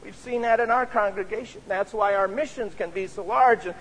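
A slightly rough, high-pitched male voice moves briskly through a sermon. The pastor speaks with earnest conviction, often slipping in "you see," and the church sanctuary around him gives the recording a strong reverb.

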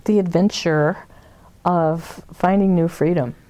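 A woman leading a forgiveness workshop, talking gently and meandering with soft laughs as she guides the group. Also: lowish voice, steady tone, slow, dry recording. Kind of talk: guiding a group session.

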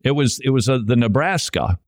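A man hosting a talk show, giving opinionated commentary in a sarcastic, animated way. He grew up in Minnesota. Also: mid-range voice, fairly quick, no echo, studio quality. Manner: animated, sarcastic, laughs often. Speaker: radio host.

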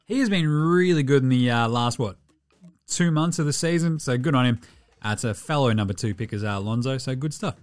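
A man's voice: mid-range voice, brisk. A man with an Australian accent hosting a casual sports podcast, with sweary, jokey, rambling banter. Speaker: podcast host.

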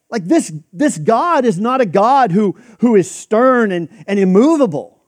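A man's voice: high voice, animated, measured pace, dry recording, clean studio sound. A man preaching a sermon in a conversational, emphatic way, acting out quoted reactions. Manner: conversational, emphatic, with frequent restarts and quoted asides.

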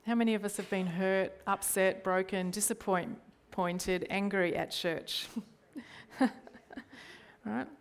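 A middle-aged Australian woman preaches a sermon as a church leader. Her voice sits at an ordinary pitch for a woman, and she speaks earnestly. She often checks in with the congregation through rhetorical questions. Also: steady tone, a little slow, clean tone.

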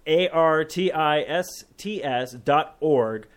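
A man's voice: fairly high pitch, slow. A man co-hosting a casual podcast, telling rambling stories and laughing easily. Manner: rambling storyteller, laughs easily, many fillers and restarts. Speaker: podcast co-host.

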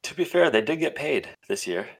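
A man's voice: medium pitch, sing-song, a little fast, creaky. A man in casual chat with friends, teasing them with dry humor.

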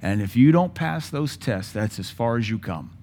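A man in his forties preaching a sermon with passion, using dramatic pauses and acting out voices from scripture. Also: medium pitch, lively intonation, warm tone. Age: 40s. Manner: impassioned, dramatic pauses, mimics Bible voices.

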